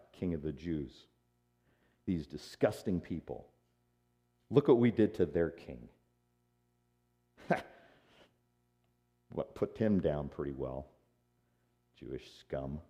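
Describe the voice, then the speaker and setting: A man's voice: extremely low pitch, lively intonation, drawn-out words, hardly any pauses, mellow, dull audio, pitched below the performer's own voice, full character voice. A man voicing scornful male soldiers who taunt a crucified prisoner, in a sermon. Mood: jeering.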